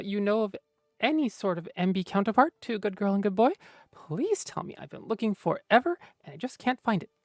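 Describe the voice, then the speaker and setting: A woman's voice: medium pitch, no room sound, clean studio sound. Playful woman streamer chatting casually. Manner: playful, teasing. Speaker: streamer reading chat. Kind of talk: casual livestream chat.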